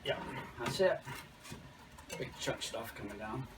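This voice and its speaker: Explaining his trade as a chimney sweep, this man chats easily and tells lively stories. He speaks a bit slowly in a mid-range voice, captured from afar with outdoor sounds behind him.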